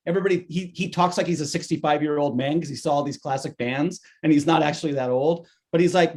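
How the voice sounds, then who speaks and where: A man's voice: on the high side, a little mellow. A man speaking as an author guest on a video call, telling a story with enthusiasm and a lot of "like". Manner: enthusiastic storyteller, says "like" often. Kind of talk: casual video call chat.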